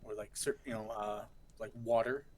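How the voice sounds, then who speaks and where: A man's voice: lowish voice, steady tone, normal speed, slight background noise. A man with a Michigan American accent, patiently explaining game rules in casual chat over voice chat on a game stream. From Michigan, USA. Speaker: lore guest coaching a gamer.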